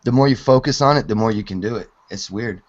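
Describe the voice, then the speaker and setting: A man in his forties, voice on the lower side, talks fast and loosely about physics theories, cursing and laughing a lot. He's part of a hangout, and the recording sounds muffled.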